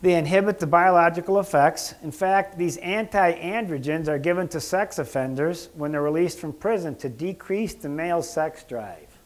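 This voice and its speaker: A man giving a casual health lecture as a doctor, joking and rambling, clearing his throat often. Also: a little high.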